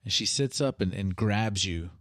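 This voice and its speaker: A man's voice: lowish voice, moderate pace, no echo, clean studio sound. A man running a tabletop game as game master, talking in an easygoing way with many fillers.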